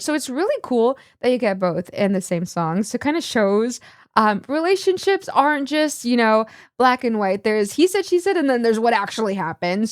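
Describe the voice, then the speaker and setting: Woman, music reaction host, slightly high voice, dry close sound, chatty and gushing. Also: dry recording. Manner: gushing, chatty, many filler words. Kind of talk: casual reaction commentary.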